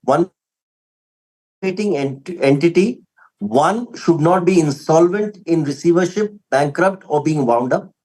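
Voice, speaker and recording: Indian English advocate, deferential and emphatic. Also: male voice, fairly high pitch, unhurried, a little mellow, breathy edge, poor audio. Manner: deferential, peppered with "my lord", emphatic. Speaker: advocate arguing for a respondent. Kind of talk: formal courtroom argument. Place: courtroom.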